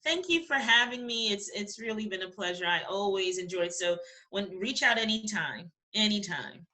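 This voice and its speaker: A woman's voice: medium pitch, expressive, moderate pace, bright, forceful tone. A middle-aged woman, a guest on an interview podcast, chatting in an encouraging and complimentary way. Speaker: interview guest, talent agency founder. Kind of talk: casual interview chat.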